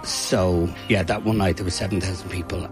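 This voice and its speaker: A man's voice: low-pitched, a little fast, over loud music. Chatty Irish man telling stories. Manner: animated, chatty storyteller with frequent fillers. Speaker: music night organizer. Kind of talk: casual interview storytelling.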